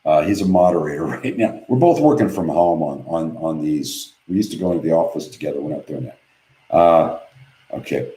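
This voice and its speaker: Deep-voiced man hosting a webinar Q&A. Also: lively intonation, moderate pace, dark tone, roomy sound, low-quality recording. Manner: blunt, reads questions aloud and answers offhand. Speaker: webinar host answering viewer questions. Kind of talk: casual live webinar Q&A. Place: home office.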